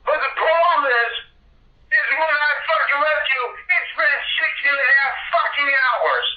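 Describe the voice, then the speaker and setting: A drunk man rants and swears in a high, strained voice. He sounds far off and echoey, on a muffled, dull phone recording. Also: lively intonation, normal speed. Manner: angry, swearing, yelling.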